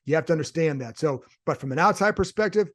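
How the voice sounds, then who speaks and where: A man's voice: fairly high pitch, animated, fast talker. A man, a sports reporter hosting his own show, talking through his views in casual solo commentary and answering his own rhetorical questions. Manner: conversational, thinks aloud with rhetorical questions. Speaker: sports reporter and podcast host.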